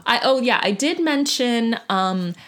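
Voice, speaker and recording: A woman's voice: fairly high pitch, expressive, a little slow, a bit bright. A woman co-hosting a podcast in casual chat, talking loosely with frequent laughs and filler words. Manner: chatty, laughs often, many ums. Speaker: podcast co-host.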